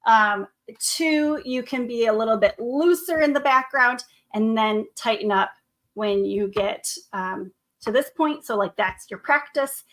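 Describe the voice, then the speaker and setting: A woman art teacher with a somewhat high, bright voice runs a children's painting tutorial. She's upbeat and encouraging, addressing the viewer as though they were her students in a classroom drawing lesson.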